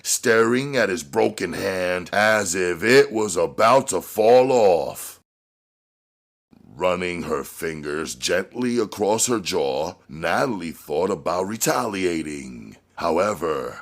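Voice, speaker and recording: A man narrating an action novel aloud in a measured way that climbs on dramatic moments. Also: low-pitched. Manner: measured, rising on action beats. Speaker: audiobook reader.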